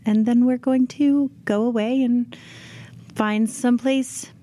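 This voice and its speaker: A woman's voice: on the high side, steady tone, takes it slowly, dark tone. A woman playing a tabletop role-playing game, breezy and teasing in character. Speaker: player.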